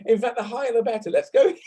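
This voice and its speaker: A man with an English accent leading an online laughter yoga class over a video call, playful and self-mocking, demonstrating laugh sounds out loud. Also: extremely high pitch, vocal fry, slightly rough. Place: home room on a video call.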